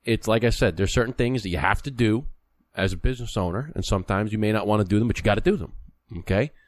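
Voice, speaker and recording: A man with a lowish voice co-hosts a podcast, chatting casually at a quick pace with no room sound. He tells stories bluntly and curses now and then.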